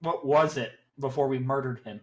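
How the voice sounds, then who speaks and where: A man's voice: medium pitch, moderate pace. A man playing in a tabletop game, asking teasing questions in a casual way. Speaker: player.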